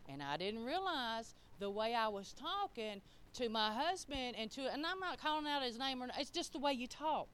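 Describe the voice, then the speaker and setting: A woman preaching a sermon, speaking conversationally and swinging between loud emphasis and soft asides. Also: a little high, sing-song, moderate pace, a little hiss or hum. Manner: conversational, with colloquial grammar.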